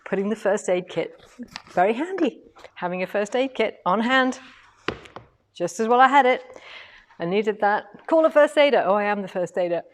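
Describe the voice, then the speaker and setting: A middle-aged woman from England, hosting a quilting shop's live stream in a chatty, lively way and reading out viewer comments. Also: mid-range voice, moderate pace, pauses often. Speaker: quilting shop host.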